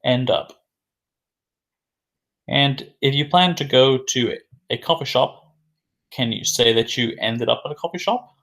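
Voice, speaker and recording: A male English teacher talks through a vocabulary lesson at an unhurried pace. His voice sits at an ordinary middle pitch. He repeats each new phrase and answers his own questions in a patient, measured way. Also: a bit bright. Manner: slow and deliberate, repeating key words; asks questions then answers them himself.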